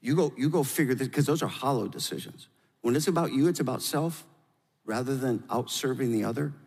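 A middle-aged man preaching as a pastor alongside his wife, animated and playful, then dropping low and earnest for his points. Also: a little fast, breathy edge. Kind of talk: sermon with spouse, conversational. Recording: long reverb in large hall.

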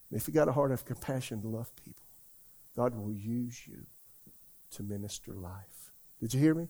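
Older man preaching with a gravelly voice. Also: mid-range voice, normal speed, pauses often, mellow. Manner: folksy, rambling, asks the congregation questions. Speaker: pastor. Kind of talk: conversational sermon. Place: church.

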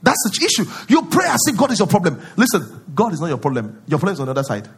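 A male pastor preaching a sermon, acting out prayers in a pleading voice and rising to loud declarations. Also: high-pitched, wildly swooping pitch, fast talker, breathy edge.

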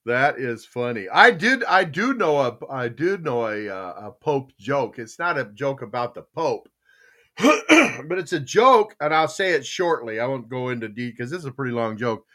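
A man's voice: mid-range voice, very animated, normal speed, pushed and bright. A man hosting a podcast in casual chat, rambling with many fillers and restarts as he tells a long joke. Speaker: podcast host.

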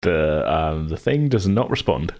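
Low-voiced man running the game. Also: very animated, a little slow, a little mellow. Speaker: game master. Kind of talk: narrating a tabletop game.

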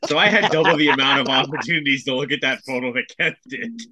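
A man's voice: medium pitch, fast talker, bright, forceful tone, no room sound. A man co-hosting a casual podcast, teasing the others in an easygoing way. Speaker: podcast co-host.

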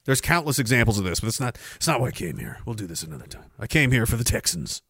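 Speaking quickly in a mid-range voice that is very animated, slightly bright and a little breathy, a Canadian man runs a livestream with no room sound. He mocks the news in a sarcastic rant, cursing freely while reading out comments from viewers.

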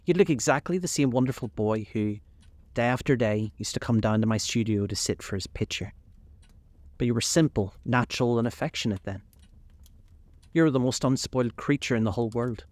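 A man's voice: medium pitch, brisk, a little mellow, dry recording, lightly acted. A man voicing an anguished older painter. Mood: distressed. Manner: pained, pleading. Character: anguished older male painter, earnest and moralizing.

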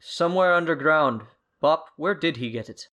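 A man's voice: a little high, lively intonation, moderate pace, pushed and bright. A man voicing a doting elderly warrior woman who calls everyone dear, during a tabletop game. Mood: insistent. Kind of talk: tabletop role-play.

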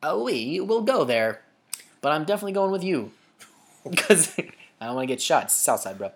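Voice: mid-range voice, sing-song, moderate pace. A podcast co-host from Chicago in casual banter, joking around, swearing and tossing in silly accents.

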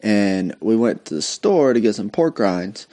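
Rambling low-voiced male co-host. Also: big pitch swings, a little slow, dark tone. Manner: rambling, lots of fillers and profanity. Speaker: podcast co-host. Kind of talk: casual podcast banter.

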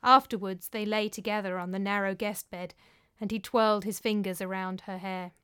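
A woman narrating a story in a measured, even-paced reading voice. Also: medium pitch, smooth, no room sound, clean studio sound.

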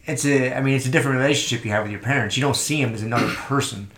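A man's voice: mid-range voice, racing, fairly bright tone. A man chatting casually, chiming in with short agreements and teasing questions. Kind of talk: casual chat. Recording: roomy echo with faint noise.

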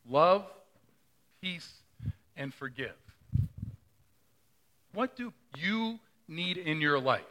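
Middle-aged guy pastor, bright voice a bit high, chatty sermon w lots of "right?". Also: lively intonation, extremely slow, pauses often. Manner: conversational, asks the congregation questions.

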